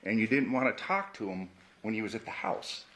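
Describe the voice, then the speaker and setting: A man's voice: fairly low pitch, lively intonation, a little fast, a bit bright. A man, a defense attorney, cross-examining a witness in a courtroom, pressing with short questions that end in "correct?". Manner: pressing, repeats "correct?" to pin down answers.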